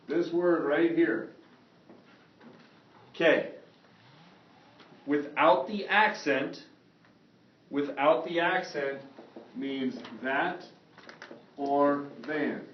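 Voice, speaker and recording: A man teaching a Spanish grammar lesson to a classroom and often asking if students follow. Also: fairly high pitch. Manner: lively, checks understanding often. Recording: echoey classroom, far from mic, dull.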